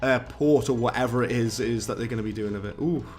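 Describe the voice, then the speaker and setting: A man's voice: mid-range voice, steady tone, fast. Man, live gameplay stream, chatty and rambling, faint game music behind. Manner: chatty, rambling, reads chat aloud, British slang.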